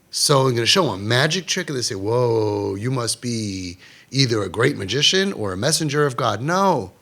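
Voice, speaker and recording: A man giving an emphatic Torah talk, swinging between loud, dramatic lines and hushed ones. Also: medium pitch. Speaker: Jewish inspirational speaker.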